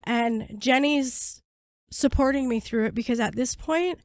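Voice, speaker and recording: A woman guest on a podcast, telling her story bluntly and swearing freely, her voice going hoarse. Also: on the high side, a little slow, a little mellow, no room sound, studio quality. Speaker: podcast guest, prisoner advocate. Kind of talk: candid storytelling interview.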